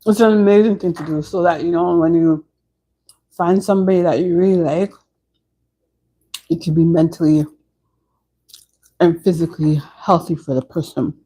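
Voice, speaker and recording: A woman's voice: on the low side, steady tone, moderate pace, pauses often, mellow, rough recording. A woman chatting casually on a home live stream, answering viewers' comments as she goes.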